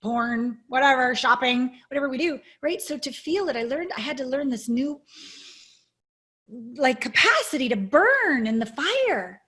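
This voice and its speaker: A woman's voice: high voice, sing-song, measured pace, sharp tone. A woman guest coach speaking in an interview, telling her personal story in an earnest, reflective and openly emotional way over a video call.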